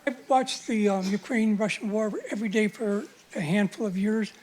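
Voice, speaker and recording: A woman's voice: medium pitch, moderate pace, darkish tone. A woman in the audience asking an informal, meandering question at a lecture.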